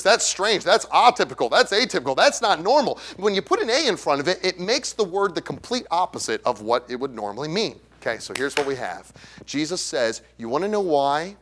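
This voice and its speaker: Animated preacher man, high lively voice. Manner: animated, asks the congregation questions, acts out voices. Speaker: evangelist preacher. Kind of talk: sermon. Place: church sanctuary.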